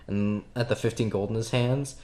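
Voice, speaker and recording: A man's voice: lowish voice, steady tone, normal speed, warm tone. A man running a tabletop game as game master, narrating in a loose, laughing way full of fillers.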